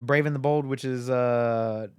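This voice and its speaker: A man's voice: medium pitch, steady tone, unhurried, a little mellow, clean tone, no room sound, clean studio sound. Laid-back man joking on a podcast. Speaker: podcast co-host. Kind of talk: casual podcast chat.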